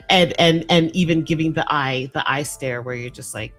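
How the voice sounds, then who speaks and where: A woman's voice: low voice, measured pace, faint music behind. A woman hosting a podcast, talking casually and emphatically, often repeating her words. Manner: animated, emphatic, repeats herself. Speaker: podcast host. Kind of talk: casual solo talk on a livestreamed podcast.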